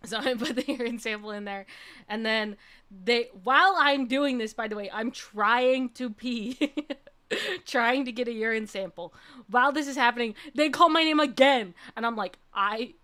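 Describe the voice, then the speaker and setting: A young woman VTuber telling a story in a casual, animated way, laughing often and checking in with "okay?". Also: on the high side, moderate pace. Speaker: VTuber streamer.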